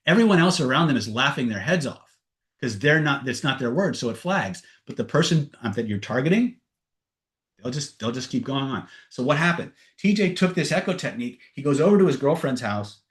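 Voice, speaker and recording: A seminar trainer with a medium-pitched voice and lively intonation speaks briskly while leading a live online webinar. He teaches through anecdotes, telling a story, acting out its dialogue, and often checking in with "right?"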